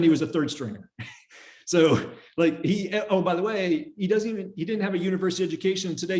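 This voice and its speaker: A middle-aged man speaks quickly in a relaxed lecture voice, spinning anecdotes with plenty of fillers. His pitch sits in an ordinary male middle range as he moves through his slides. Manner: fast, chatty storytelling with fillers and laughs. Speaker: guest speaker teaching interview skills.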